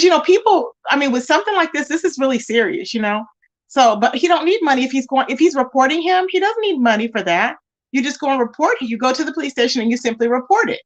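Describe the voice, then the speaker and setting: A woman hosting a casual livestream, greeting viewers by name and reading their comments aloud in an emphatic, repetitive way. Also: high-pitched. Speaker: livestream host.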